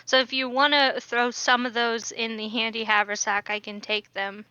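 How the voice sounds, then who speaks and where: A woman's voice: a little high, level tone, normal speed, pushed and bright, clear, resonant tone, no echo, dull audio. A woman at a tabletop game who speaks hesitantly, with frequent ums, in casual chat.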